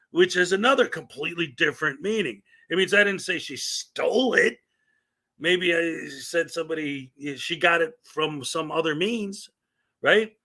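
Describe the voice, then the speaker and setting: A man's voice: sits high, moderate pace, sharp tone. A man in his thirties hosting a casual livestream, chatting in a rambling way and greeting viewers in the chat. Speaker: livestream host.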